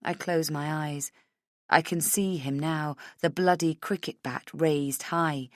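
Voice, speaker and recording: Woman narrating a thriller audiobook, low voice, hushed and personal, dry studio sound. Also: fairly even intonation, slow, dry recording.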